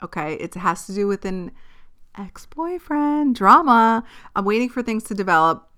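A young woman hosting her own podcast, venting bluntly and profanely in a casual, animated way. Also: medium pitch, moderate pace. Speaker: podcast host. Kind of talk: casual solo podcast rant.

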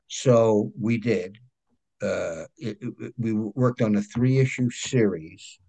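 A man's voice: lowish voice, slow pace, slightly rough. Chatty New York man telling stories. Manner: animated anecdotes, frequent "right?" check-ins. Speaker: guest, comic book creator. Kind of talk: casual storytelling interview.

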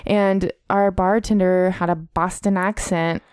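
A woman's voice: fairly low pitch, steady tone, a little slow, darkish tone, smooth, no echo, studio quality. A young woman co-hosting a podcast, telling a story in casual, chatty talk and swearing now and then. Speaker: podcast co-host. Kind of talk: casual chat.

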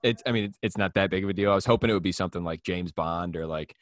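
Low-voiced man rambling through a casual story. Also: very fast, no room sound, clean studio sound. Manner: rambling storyteller, laughs often, mimics people. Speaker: podcast host. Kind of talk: casual chat.

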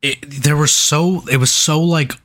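A man's voice: a little high, steady tone, unhurried, fairly bright tone. A man co-hosting a podcast, reviewing a movie in casual chat, rambling, swearing often and laughing between his points. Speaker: podcast co-host.

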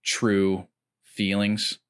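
A man chatting casually about comedy, rambling with lots of filler words and getting animated when he retells jokes. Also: fairly low pitch, very slow, smooth. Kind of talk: casual chat.

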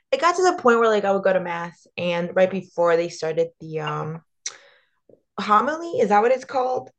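A woman's voice: medium pitch, big pitch swings, normal speed. A young woman from the US, co-hosting a podcast in casual chat, blunt and sarcastic and swearing freely. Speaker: podcast co-host.

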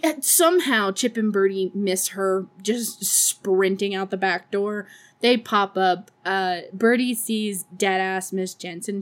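A woman hosting a podcast, recapping a movie in a casual, profane, sarcastic way, laughing often and doing high voices for the characters. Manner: acts out characters in a high put-on voice. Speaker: podcast host.

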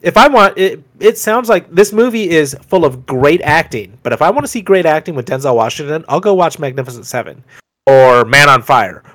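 A man co-hosting a casual podcast, hesitant and skeptical, with many short replies and fillers. His pitch moves around a lot as he talks. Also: expressive, fairly quick, fairly bright tone. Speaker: podcast co-host. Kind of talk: casual chat.

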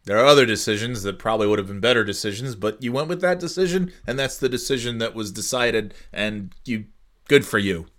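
A man's voice: lowish voice, expressive, fairly quick, fairly bright tone. A man in his forties chatting casually and alone as a podcast host, rambling and sarcastic, slipping into silly voices. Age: 40s. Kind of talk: casual solo chat.

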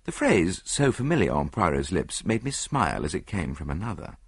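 A man reading an audiobook in measured first-person narration on a close studio mic. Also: sits low, sing-song, breathy edge, dry recording.

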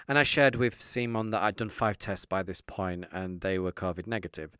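A man's voice: low-pitched, fairly even intonation, moderate pace, a bit bright, clean tone, no echo, clean studio sound. A man telling a candid story in casual chat, acting out the dialogue of the people in it. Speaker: guest storyteller.

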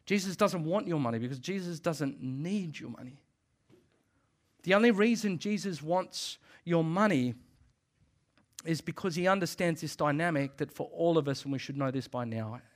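Emphatic man preaching a sermon. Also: on the high side. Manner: emphatic, repeats phrases, quick laughs. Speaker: pastor.

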